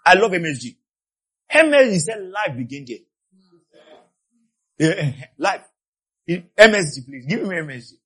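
Male pastor, high voice with bright, slightly husky edge; passionate sermon, drops low then shouts, repeats lines for emphasis. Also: very animated, a little slow, pauses often. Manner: passionate preaching, swinging between low asides and shouted peaks; repeats key phrases for emphasis.

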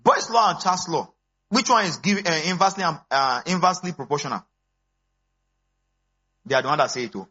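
An animated pastor in his thirties, a man with a bright, husky voice. His sermon jumps between quiet asides and high exclamations. The church recording sounds dull and lo-fi. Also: fairly quick, pauses often.

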